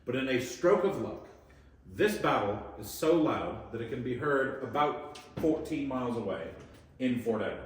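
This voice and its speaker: A man leading a guided tour at a historic fort, lively and joking, often quizzing his group. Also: medium pitch, normal speed. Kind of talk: guided tour talk to visitors. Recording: echoey space, voice from a distance, faint noise.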